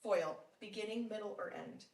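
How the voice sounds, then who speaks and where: A woman teaching a one-on-one phonics lesson, patient and encouraging, with frequent praise and slow, deliberate sounding out of words. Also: medium pitch, a little mellow, distant mic. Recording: roomy sound from off mic.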